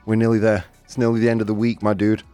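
A male radio host doing live banter, energetic and chatty, laughing often and a bit out of breath. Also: lowish voice, quick pace, smooth, faint music behind. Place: radio studio.

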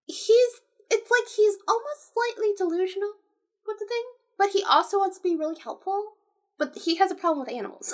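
A woman's voice: very high-pitched, fairly quick. A woman host making amused, blunt asides while reading a fairy tale aloud. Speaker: podcast host and reader.

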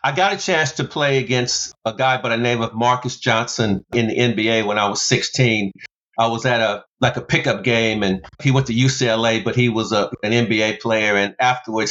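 A man from the United States telling stories in an interview as a former basketball player and motivational speaker, animated, with big leaps in pitch for emphasis. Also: lo-fi sound. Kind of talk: storytelling interview.

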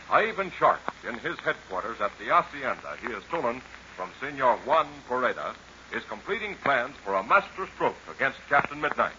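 A man announcing a 1930s radio serial, folksy and peppy in the sponsor pitch. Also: pushed and bright, slight background noise. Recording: muffled old radio recording.

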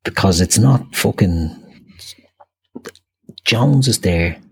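Man, deep husky voice, quiz contestant, muttering through answers, swears. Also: animated, takes it slowly, darkish tone. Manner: thinks aloud, swears freely. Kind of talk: casual podcast banter.

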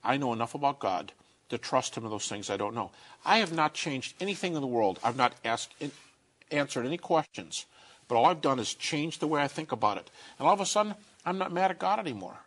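A man giving an earnest, conversational talk about grief and faith, slowing down to stress key points. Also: medium pitch, animated, a bit bright. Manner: earnest storytelling, slowing down for emphasis.

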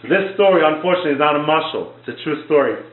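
A man's voice: on the high side, lively intonation, racing. A man giving a Torah class in sermon style, in Orthodox Jewish English peppered with Hebrew and Yiddish words, often repeating and restarting his words as he tells a parable. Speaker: rabbi teaching a Torah class. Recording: echoey room, tinny phone-like sound.

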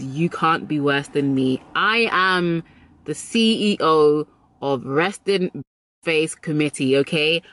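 A woman's voice: low-pitched, fairly bright tone. A woman vlogger giving advice in a casual, chatty, emphatic way, often repeating her key phrases. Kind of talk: casual advice talk to camera.

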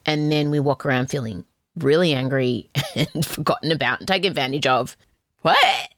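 A woman's voice: extremely low pitch, no room sound, studio quality. A woman in her forties with an Australian accent, hosting a podcast in a chatty, scattered way, talking from a small wardrobe at home. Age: 40s. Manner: scattered, rambling, quick tangents and laughter. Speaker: podcast host. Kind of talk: casual chatty podcast intro. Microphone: home mic on a video call.

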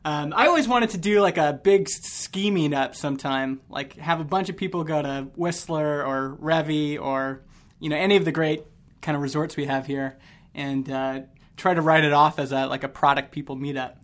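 A Canadian man hosts a podcast, his voice a little high and fairly bright, moving at a normal pace. He keeps the conversation with his guest loose and casual, laughing easily.

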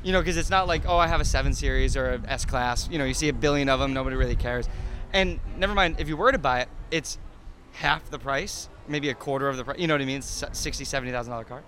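Rambling, bright-voiced man telling car stories. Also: mid-range voice, quick pace, a little hiss or hum. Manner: rambling, full of fillers and restarts. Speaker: interview guest. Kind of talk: casual storytelling interview.

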